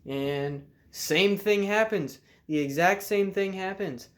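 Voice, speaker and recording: A man's voice: sits high, slow pace. Laid-back young man telling a fishing story. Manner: laid-back drawl, acts out the story with loud shouted bursts. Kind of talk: casual storytelling to camera. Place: messy room at home.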